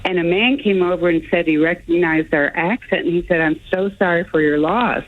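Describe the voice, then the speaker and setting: A woman's voice: lowish voice, a little fast. A woman with an American accent calling in to a radio show, telling a story earnestly. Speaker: caller. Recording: tinny phone line.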